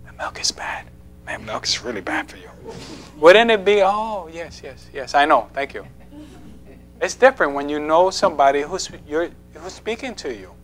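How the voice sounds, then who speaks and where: Laughing often and questioning his congregation, a male preacher delivers a conversational, playful sermon in a church sanctuary. His voice is a little high, with a fairly bright tone.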